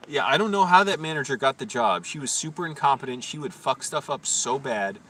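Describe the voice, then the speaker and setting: A man's voice: mid-range voice, lively intonation, a little fast, fairly bright tone. A man telling stories on a casual live stream in a profane, ranting, indignant way. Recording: distant mic with faint background noise.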